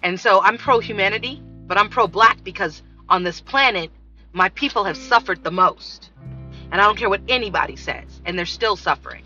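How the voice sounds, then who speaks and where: In a casual monologue, a vlogger tells a story from her job, animatedly acting out the voices of the people in it. Her voice sits at medium pitch and she speaks at a moderate pace. The lo-fi recording sounds dull, with faint music behind her.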